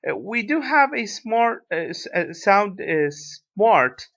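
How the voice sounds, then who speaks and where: Brief: man with an Iraqi accent, English teacher, bright voice, very slow and halting, dull lo-fi recording. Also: high voice, very animated. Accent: Iraqi Arabic. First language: Arabic. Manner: hesitant, many fillers, tag questions like "right?". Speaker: university English lecturer. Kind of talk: recorded lecture.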